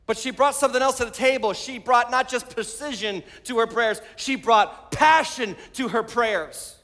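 A man preaching a sermon as pastor, animated and rising to shouts. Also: very high voice, normal speed. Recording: long hall reverb.

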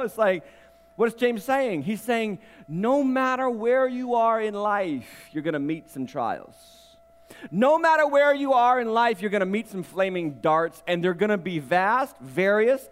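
A male pastor preaching an animated, emphatic sermon, laughing often and repeating his points. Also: sits high, in a large hall.

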